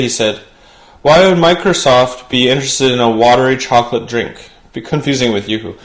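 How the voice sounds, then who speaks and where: A man hosting a late-night show, delivering a comedy monologue with punchy jokes and chatty asides. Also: medium pitch. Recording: roomy studio sound.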